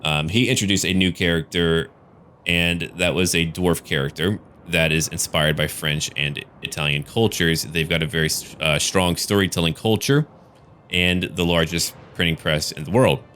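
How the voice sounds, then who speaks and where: A gaming YouTuber and game master talking loosely through a casual channel update, rambling and swearing now and then. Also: male voice, low voice, steady tone, normal speed, a bit bright, slight background noise.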